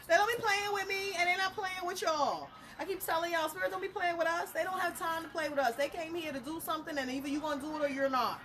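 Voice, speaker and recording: A woman, a spiritual reader talking casually to her viewers, animated and blunt, laughing through her stories. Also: very high voice, quick pace, few pauses, a little hiss or hum. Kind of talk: casual live talk to viewers.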